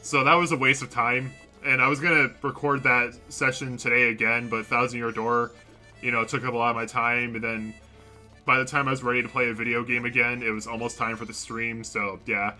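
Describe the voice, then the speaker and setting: Bright-voiced young man rambling on stream. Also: medium pitch, flat delivery, brisk, faint music behind. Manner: rambling, self-correcting, talks to chat. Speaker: streamer playing a video game. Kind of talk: casual livestream commentary. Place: home room at a computer. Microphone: desk mic.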